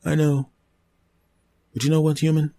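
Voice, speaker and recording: A man's voice: fairly high pitch, flat delivery, moderate pace, creaky, warm tone, voice pushed up. A man voicing a sly, scheming talking tree in a comedy sketch, smug and menacing. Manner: smug, wheedling, raised voice.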